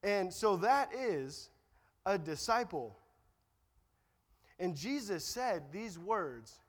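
Young male preacher, high voice, booming reverb, joking asides, repeats key lines. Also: big pitch swings, slow pace, pauses often. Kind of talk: sermon. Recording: long reverb of a hall.

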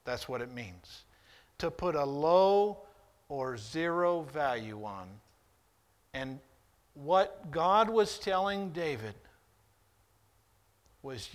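A man preaching a sermon, reading scripture with deliberate weight and rising to loud, high emphasis before dropping soft again. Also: lively intonation. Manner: preaches slowly, swelling loud and high when voicing God's rebuke, then dropping soft; reads scripture in King James wording with deliberate weight.

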